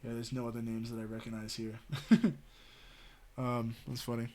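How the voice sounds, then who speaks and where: A man's voice: medium pitch, little pitch movement, moderate pace, a little mellow. A man from the American Southwest chatting casually with his stream audience, rambling and swearing, full of "you know" and "like". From Southwestern United States.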